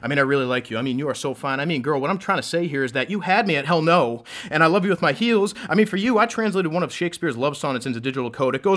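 A man performing spoken word poetry in a rhythmic, dramatic delivery that swells loud and drops low. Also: animated, very fast, few pauses.

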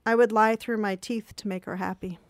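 A woman in her thirties reading her own diary entries aloud in a calm, measured, reflective way. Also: mid-range voice. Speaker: reader of her own journal.

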